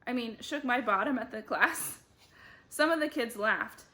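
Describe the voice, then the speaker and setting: Bright, lively woman reading a kids' book. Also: measured pace. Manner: lively, voices the children and teacher with big pitch jumps. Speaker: book club reader. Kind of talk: reading a children's book aloud.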